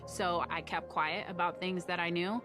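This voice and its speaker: A woman's voice: lowish voice, fairly even intonation, moderate pace, over music. A woman in her thirties or forties, a former personal chef, recounting her experience earnestly in a documentary interview. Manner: earnest, vivid storytelling with acted-out quotes. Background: clear documentary score.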